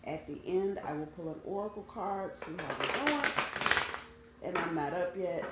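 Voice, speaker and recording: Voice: medium pitch, expressive, moderate pace, very noisy. A tarot reader chatting casually and colloquially to viewers while laying out cards. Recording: roomy sound, faint background music.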